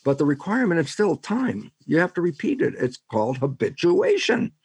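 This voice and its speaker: Husky-voiced older man explaining animatedly. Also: on the high side, a little fast, no room sound. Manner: animated storyteller, acts out both sides of dialogues. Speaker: guest scientist and author. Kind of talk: explanatory interview talk.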